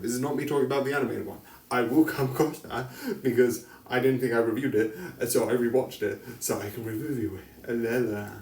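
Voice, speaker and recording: A man's voice: medium pitch, a little mellow. Rambling man reviewing a film. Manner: rambling, self-correcting, laughs often. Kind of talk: casual spoken film review. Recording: echoey room, distant mic.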